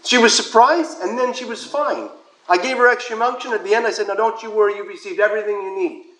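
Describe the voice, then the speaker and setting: A male priest preaches in a relaxed, storytelling way, sometimes dropping to a soft whisper. His voice sits high for a man. The sound is roomy, as if from inside a church. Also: quick pace. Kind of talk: sermon with personal anecdote.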